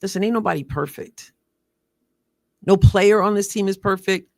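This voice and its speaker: A woman's voice: mid-range voice, moderate pace, gravelly, a little mellow, no room sound. A woman hosting a commentary video, talking earnestly and repeating phrases for emphasis. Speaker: show host.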